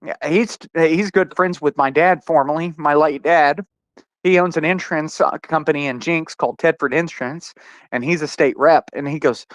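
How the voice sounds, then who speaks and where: A man from Oklahoma pours out an angry, profanity-laced story in a podcast chat. His voice sits a little high, and the sound is dry with no room echo. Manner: angry, profane, rapid storytelling with quoted retorts. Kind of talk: heated podcast conversation.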